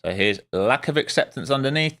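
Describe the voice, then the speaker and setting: A man's voice: medium pitch, lively intonation, a little fast, fairly bright tone. A man streaming live as a day trader, giving casual, wry commentary with muttered asides to his viewers.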